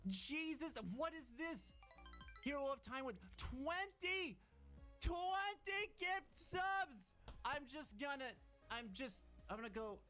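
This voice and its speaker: A man chatting on a live stream, thanking viewers and breaking into excited shouted exclamations. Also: very high-pitched, moderate pace, soft background music.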